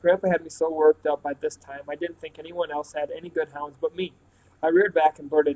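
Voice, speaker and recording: Guy reading a book out loud, kinda high voice, plain steady storytelling. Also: fairly quick, low-quality recording. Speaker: reader. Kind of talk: reading a novel aloud.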